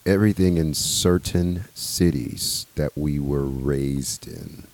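A man who is a comedian, speaking as a podcast guest in a laid-back way with drawn-out phrases and fillers. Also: extremely low pitch, creaky, a little mellow. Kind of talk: casual podcast chat.

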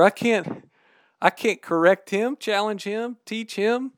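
A man preaching a sermon in an emphatic, candid, animated way. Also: high voice, unhurried, smooth, dry recording, studio quality.

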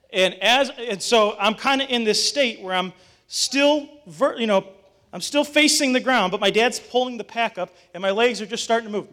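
A man's voice: high voice, moderate pace, fairly bright tone. A young adult man, a pastor, preaching a sermon, telling a story and rising to urgent calls to get up.

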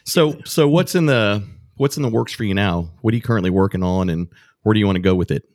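Low-voiced, upbeat man hosting a podcast. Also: fast, a little mellow, dry recording, studio quality. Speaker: podcast host. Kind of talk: casual podcast conversation.

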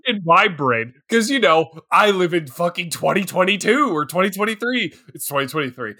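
A man's voice: high-pitched, big pitch swings, moderate pace, pushed and bright. A man co-hosting a podcast in casual chat, laughing often and acting out silly voices. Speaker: podcast co-host.

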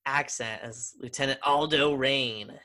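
Podcast co-host, man, bright tone, eager and rambling. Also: medium pitch, a little slow. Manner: enthusiastic, rambling with restarts. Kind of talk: casual chat.

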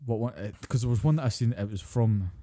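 A man's voice: medium pitch, fast, warm tone. A Scottish man co-hosting a podcast, chatting casually and ranting with plenty of swearing. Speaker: podcast co-host.

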